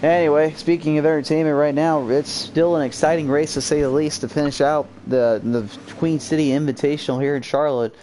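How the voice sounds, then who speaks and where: Young man, play-by-play race caller, higher voice, over a noisy stream mix. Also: brisk, hardly any pauses. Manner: energetic, jumps high on crashes. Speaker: race commentator. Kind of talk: excitable sim racing play-by-play. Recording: noisy amateur stream audio.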